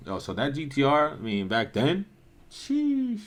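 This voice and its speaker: A car show organizer in his thirties records a casual outdoor reaction vlog about old footage, his mid-range voice expressive, brisk and a bit bright. He swears a lot and swings between frustration and hype.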